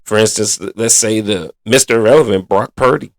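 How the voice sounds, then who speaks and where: A man's voice: fairly low pitch, a little fast, no room sound. A man hosting a sports podcast in a casual, blunt and exasperated manner, full of colloquial slang. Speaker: podcast host.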